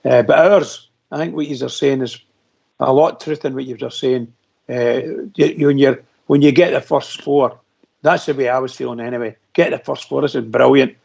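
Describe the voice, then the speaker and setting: Gravelly man on a phone-in. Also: medium pitch, fairly even intonation, normal speed, darkish tone. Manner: rambling, emphatic, laughs while talking. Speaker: caller. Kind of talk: casual phone-in chat. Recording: muffled lo-fi phone-in audio.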